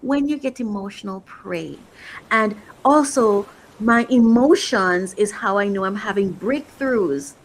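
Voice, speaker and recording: A woman's voice: mid-range voice, unhurried, rough recording. A woman coach giving an emotional, motivational faith talk, repeating phrases for emphasis. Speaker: faith-based life coach.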